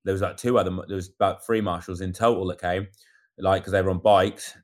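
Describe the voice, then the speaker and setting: A man tells a story in casual chat, talking quickly in a fairly low voice. He acts out what others said as he goes, keeping the telling lively. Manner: animated storyteller acting out quotes. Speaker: amateur cyclist recounting a race.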